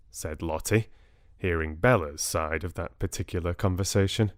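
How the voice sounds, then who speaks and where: Speaking near the microphone in a dry, echo-free recording, a British man reads an audiobook aloud. His voice sits low, and his storytelling is calm and measured.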